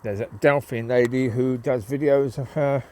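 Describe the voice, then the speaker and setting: This is a casual walk-and-talk monologue: a man strolls through the woods with his dogs, rambling with plenty of ums and calling to them now and then. His nasal voice sits in the mid range, steady and warm, at normal speed, with slight background noise.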